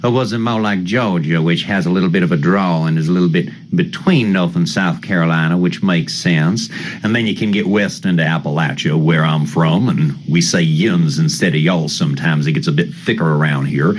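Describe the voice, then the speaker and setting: A man's voice: fairly low pitch, moderate pace, few pauses, lightly acted. A man imitating a range of Southern US accents for a demonstration, with a drawling delivery that shifts between regional inflections. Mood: demonstrative.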